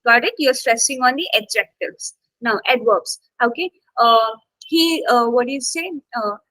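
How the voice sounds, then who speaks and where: A high-pitched woman leads a live online exam-prep class, speaking close to the mic in a dry, unechoing sound. She keeps checking in with "okay" and "got it" and leans on key words as she explains. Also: unhurried, bright, forceful tone, no echo, poor audio. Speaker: test-prep instructor.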